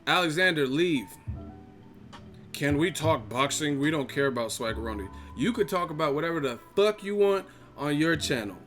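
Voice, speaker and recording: A man's voice: on the high side, lively intonation, moderate pace, fairly bright tone, soft background music. A man hosting a boxing live-stream chat, ranting and mocking viewers with lots of swearing. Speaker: boxing channel host.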